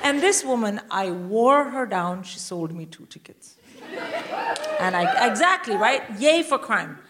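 A middle-aged woman telling a profane, animated comic story on stage. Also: mid-range voice, a little slow, a loud crowd. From India. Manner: animated, profane, punchy delivery with frequent laughter. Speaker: stand-up comedian guest. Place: live theatre stage with audience. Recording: loud background noise.

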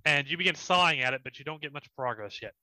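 A man's voice: on the high side, animated, fast, sharp tone, dry recording, poor audio. A young man narrating as dungeon master of a tabletop game, in a casual, descriptive way. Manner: descriptive, laughs often, casual.

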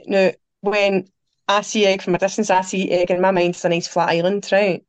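Scottish woman guest spinning animated anecdotes; middle pitch, dry close-mic sound. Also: normal speed, no room sound. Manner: animated, quotes people, laughs through her stories. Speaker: podcast guest. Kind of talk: anecdotal storytelling chat.

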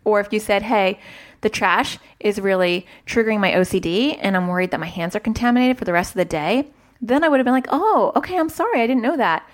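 A woman's voice: mid-range voice, a little fast. A woman therapist and mother giving casual parenting advice, chatty, interrupting herself and acting out dialogues. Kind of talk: advice talk to camera.

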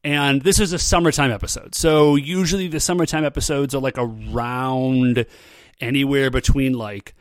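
A man's voice: mid-range voice, steady tone, normal speed, no echo, clean studio sound. A man hosting a podcast, recapping an episode in a casual, rambling way, full of fillers like "um" and "like", with frequent laughs. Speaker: podcast host.

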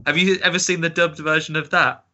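A man's voice: a little high, flat delivery, fairly quick, pushed and bright. A man co-hosting a podcast in casual chat, rambling and laughing easily. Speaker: podcast co-host.

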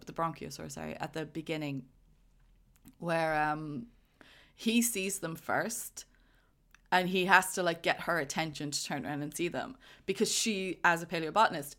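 A woman's voice: low-pitched, a bit bright. A woman co-hosting a casual podcast, talking about a film in a chatty way and laughing often. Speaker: podcast co-host.

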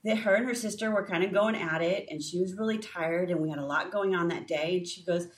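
A woman co-hosting a faith podcast, telling a personal story in a lively way with frequent fillers and restarts. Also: fairly low pitch, fairly quick, distant mic. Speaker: podcast co-host. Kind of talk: casual faith podcast chat.

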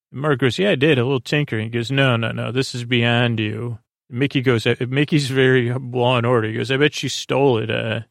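Podcast guy rambling thru a plot recap, kinda gravelly voice, dry close sound, lots of uhs and "he goes". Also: medium pitch, no echo. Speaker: podcast host.

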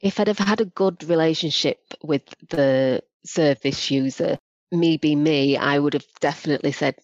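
A woman's voice: sits low, moderate pace, no echo. A woman, a podcast guest telling candid stories about her work and acting out the voices of people involved. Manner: animated, acts out quoted voices. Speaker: guest, former probation practitioner. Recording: dry, dull lo-fi audio.

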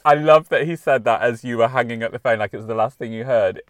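A man's voice: mid-range voice, quick pace, no room sound. A man co-hosting a podcast, telling an anecdote in casual chat with laughter. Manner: chatty, laughing, storytelling. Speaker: podcast co-host.

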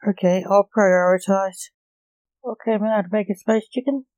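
A woman voicing a gruff male grim reaper, father and emperor, in a storybook reading, in her own plain voice. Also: mid-range voice, moderate pace, darkish tone, dry recording, lightly acted, low-quality recording.

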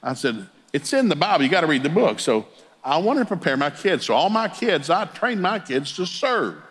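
A man's voice: fairly high pitch, big pitch swings, moderate pace, a bit bright, breathy edge. A middle-aged man, a Pentecostal preacher, telling humorous family stories in a sermon and chuckling as he talks. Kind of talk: folksy storytelling sermon.

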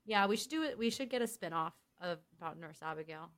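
Animated woman podcast co-host. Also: on the low side, quick pace. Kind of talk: casual recap chat.

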